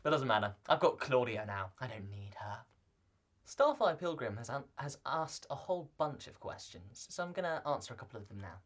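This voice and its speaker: A man's voice: medium pitch, expressive, brisk, lightly acted. A young man playing a vlogger who answers viewer questions in a scripted, in-character video. He talks in a playful, joking way and rambles into asides.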